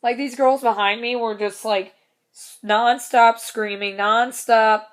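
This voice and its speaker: A woman's voice: on the high side, steady tone, slow. A young woman casually telling a concert story in a vlog, chatty, laughing often, with plenty of swearing.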